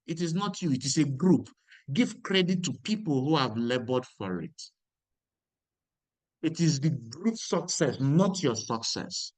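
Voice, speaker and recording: A man's voice: fairly high pitch, no echo. A man giving a motivational lecture, emphatic and repeating key lines. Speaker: speaker.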